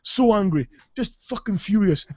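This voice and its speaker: A man's voice: sits high, lively intonation, normal speed, darkish tone, no room sound, muffled recording. Sweary Scottish man telling stories. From Caithness, Scotland. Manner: sweary, rambling, laughs through his stories. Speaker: podcast co-host. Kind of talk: casual comic storytelling.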